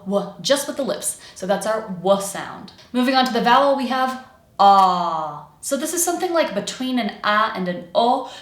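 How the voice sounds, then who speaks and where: A woman with an American accent teaching pronunciation, demonstrating and exaggerating sounds clearly for learners. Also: medium pitch, echoey room. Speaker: accent coach. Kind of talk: pronunciation lesson.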